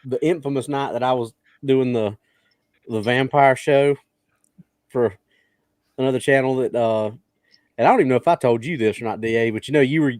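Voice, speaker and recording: A man's voice: medium pitch, normal speed, long pauses, a little mellow, no room sound. A man co-hosting a podcast, telling stories with frequent laughter in casual chat. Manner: storytelling, laughs often. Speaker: podcast co-host.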